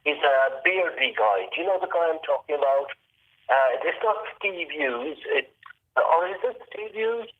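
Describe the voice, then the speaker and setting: Australian male caller, friendly, fairly high voice, heard over a tinny phone line. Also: animated, moderate pace. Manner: friendly, calls everyone mate.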